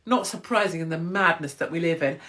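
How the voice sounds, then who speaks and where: A woman's voice: lowish voice, a little fast, fairly bright tone. Cheeky chatty woman. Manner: chatty, cheeky and self-mocking, laughing often. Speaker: livestream host. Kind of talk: casual livestream chat.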